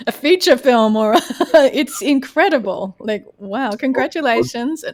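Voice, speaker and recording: A woman hosting a podcast, reacting to her guest with expressive exclamations in casual interview chat. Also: a little high, unhurried. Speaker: podcast host.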